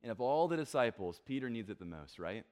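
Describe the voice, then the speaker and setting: A young male pastor delivers a relaxed, conversational sermon at an even mid-range pitch. He slips into quoted voices and jokes at his own expense as he goes. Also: quick pace. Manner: conversational, self-deprecating, acts out quotes. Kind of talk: casual sermon.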